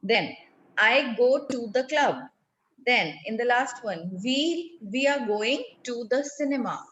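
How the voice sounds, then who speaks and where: A woman with an Indian English accent teaches a French class over a video call. She explains patiently, one step at a time, in a fairly high voice. The audio is dull and lo-fi, with a faint hiss. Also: lively intonation, takes it slowly, fairly bright tone. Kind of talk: online classroom lesson.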